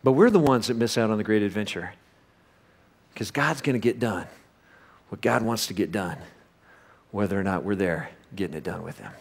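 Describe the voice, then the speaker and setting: A man preaching a sermon, telling a lively story with sudden loud bursts and then dropping to a soft, low voice for reflective points. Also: moderate pace, gravelly, slightly rough. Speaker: pastor.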